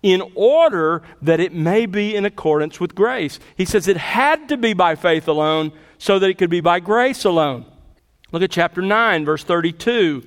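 A pastor with a high voice delivers a sermon, earnest and emphatic. He slows down to stress key phrases and asks rhetorical questions. His voice rings with long reverb from a large room. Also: animated.

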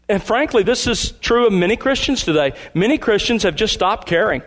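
Guy preaching a sermon, kinda high voice, slows down and hits the big words hard. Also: expressive, fairly bright tone. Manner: emphatic preaching, slows and stresses key words. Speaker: pastor.

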